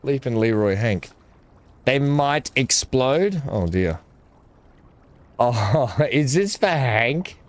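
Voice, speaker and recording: Opening gifts on camera, a gaming creator chats casually, mutters to himself, talks to his dog and keeps clearing his throat. His medium-pitched voice has lively intonation but a slow pace with long pauses.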